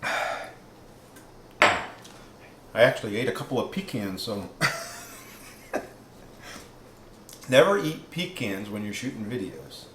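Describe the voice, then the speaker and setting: A man's voice: on the low side, very animated, unhurried, pauses often, noisy background. Casual rambling man in an echoey kitchen. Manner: rambling, many ums and restarts; tasting food while talking. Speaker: keto cooking vlogger. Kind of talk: casual cooking vlog.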